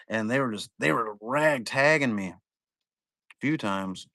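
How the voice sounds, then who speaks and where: Young man, live card-break host, casual rambling chat, profane, bright tone, dry sound. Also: medium pitch, normal speed, dry recording.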